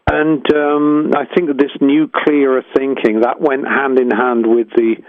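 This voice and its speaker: A man's voice: mid-range voice, little pitch movement, measured pace, dry recording. Older Englishman telling stories over a phone line. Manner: rambling, frank, full of restarts and acted-out quotes. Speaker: guest musician. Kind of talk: reflective storytelling interview. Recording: tinny phone-line sound, dry.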